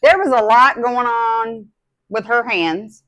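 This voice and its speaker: A woman's voice: on the high side, slow pace, a bit bright. A middle-aged woman, co-hosting a live stream and chatting bluntly with country slang. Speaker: co-host. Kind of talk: casual chat.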